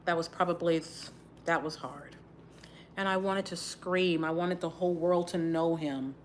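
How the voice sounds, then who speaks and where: Middle-aged woman from texas on a livestream, sighing a lot, fighting tears, soft hiss behind her. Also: lowish voice, fairly even intonation, a little slow. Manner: sighing often, subdued and grieving, talks while twisting her braids. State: holding back tears. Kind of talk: casual livestream chat while doing her hair.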